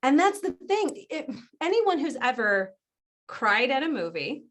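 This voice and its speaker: Lively, animated woman explaining habits. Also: high-pitched, a little slow, slight background noise. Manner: animated, acts out quoted voices; laughs often while explaining. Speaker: guest business strategist. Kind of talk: conversational podcast interview.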